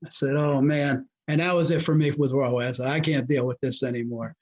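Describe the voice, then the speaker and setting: A man, a former high school football coach, telling old stories as a guest and acting out what people said. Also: brisk. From New Jersey. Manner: animated storyteller who acts out quoted dialogue. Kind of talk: casual storytelling interview. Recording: muffled lo-fi audio.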